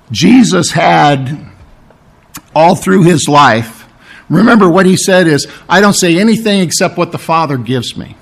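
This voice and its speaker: A man preaching a sermon, teaching through a Bible passage. His voice is strained, he clears his throat often, and he keeps checking in with "okay?" and "all right?". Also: a little high, expressive, slow pace, long pauses. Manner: explanatory, asks "okay?" and "all right?" for agreement. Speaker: pastor.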